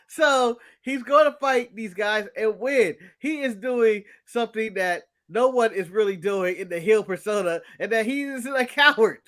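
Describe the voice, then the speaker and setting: A man co-hosting a casual wrestling recap show, talking in an animated, slangy, teasing way. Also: sits high, normal speed, hardly any pauses. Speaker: podcast co-host.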